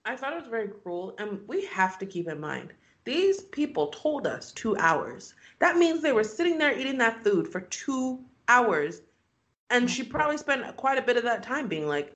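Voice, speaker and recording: A young woman co-hosting a podcast, chiming in casually with expressive reactions on a reality show. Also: a little high, moderate pace. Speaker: podcast co-host. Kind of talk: casual reality-TV recap chat.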